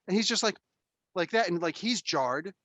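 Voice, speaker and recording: A man hosting a casual podcast chat, telling stories in an animated, emphatic way and swearing freely. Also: sits high, moderate pace, no echo. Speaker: podcast host.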